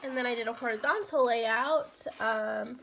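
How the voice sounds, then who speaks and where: A woman's voice: on the high side, unhurried, creaky, a bit bright, slight background noise. A young woman with a congested voice from a cold, chatting casually through a craft notebook flip-through, full of ums and likes. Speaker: vlogger.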